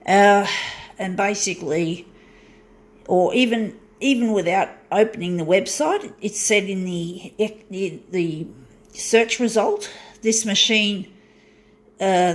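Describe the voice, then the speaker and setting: A woman's voice: mid-range voice, takes it slowly. A woman vlogging from her small home unit, ranting angrily with lots of swearing and stop-start restarts. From southern hemisphere. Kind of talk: casual ranting monologue.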